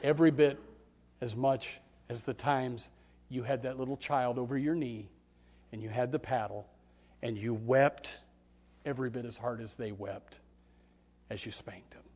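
A male pastor preaching a sermon with dramatic swings from hushed tones to loud outbursts. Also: mid-range voice, fairly even intonation, measured pace, long pauses. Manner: dramatic, swings from hushed to shouting, acts out voices.

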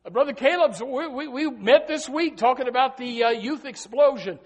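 Middle-aged male pastor with a high-pitched voice, preaching with sudden loud peaks and quiet drops. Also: normal speed, few pauses. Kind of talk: sermon.

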